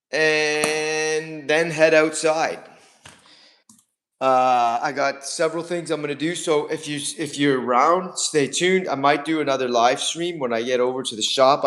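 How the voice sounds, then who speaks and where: A man's voice: fairly high pitch, fairly bright tone. A man hosting a casual livestream from his home kitchen, rambling chattily and talking to his pets along the way. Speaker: livestream host.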